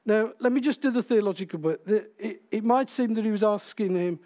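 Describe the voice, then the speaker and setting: A man's voice: high voice, a little fast, warm tone. A man preaching a sermon in church, in a conversational way, asking the congregation questions.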